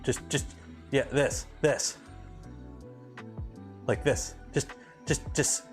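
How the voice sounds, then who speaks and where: A man's voice: medium pitch, steady tone, very slow, long pauses, soft background music. A man from Canada hosting a casual livestream, chatting with viewers and ranting animatedly about a pet peeve. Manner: chatty, reads chat aloud, rants animatedly. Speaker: livestream host.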